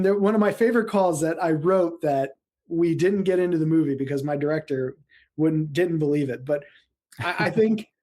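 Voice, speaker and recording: A man from central Illinois, US, a paramedic and screenwriter appearing as a guest, tells stories in a casual interview. His voice is mellow yet fairly high, and he's animated, laughing often and acting out quotes.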